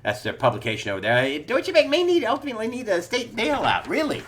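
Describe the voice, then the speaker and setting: A man's voice: high voice, wildly swooping pitch, fast talker, noisy background. A middle-aged man hosting a solo news commentary, talking in an incredulous, sarcastic way and laughing scornfully at the stories he reads.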